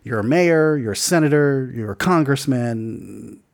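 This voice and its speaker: A young man co-hosting a podcast, chatting casually in a rambling, animated way, with lots of fillers and swearing. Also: medium pitch, a little slow, vocal fry. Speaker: podcast co-host. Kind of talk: casual chat.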